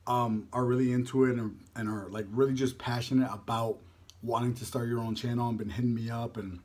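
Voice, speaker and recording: A young man hosting a mukbang video, chatting casually while he eats and a little out of breath, rambling and dropping into soft mumbled asides. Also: mid-range voice, little pitch movement, brisk. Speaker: mukbang vlogger. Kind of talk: casual chat while eating on camera.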